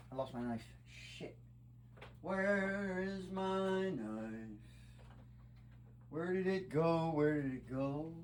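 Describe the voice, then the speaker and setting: A man filming a casual unboxing vlog after a night of drinking, rambling between loud exclamations and low muttering. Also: slight background noise. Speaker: vlogger.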